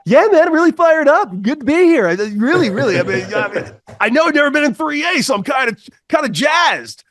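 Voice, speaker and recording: A man putting on the voice of an excited young male ballplayer, pitched well above his own voice. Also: fairly quick, exaggerated voice. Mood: pumped up. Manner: excited, high-pitched and loud.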